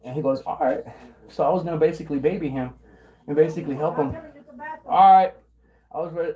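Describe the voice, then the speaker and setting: A young man casually telling a rambling story about his old job, often restarting words and clearing his throat. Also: a little high, mellow. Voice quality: occasional throat clearing and coughing. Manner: rambling, repeats words and restarts, mimics coworkers in quotes. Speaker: vlogger.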